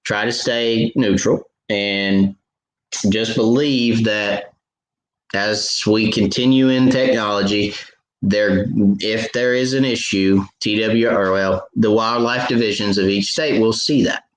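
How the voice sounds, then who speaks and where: Male host with a lowish voice, rambling storyteller, recorded in a roomy space. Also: slow pace. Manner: storytelling, animated retelling with many fillers and restarts. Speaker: fishing show host answering viewer questions. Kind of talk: casual live Q&A chat.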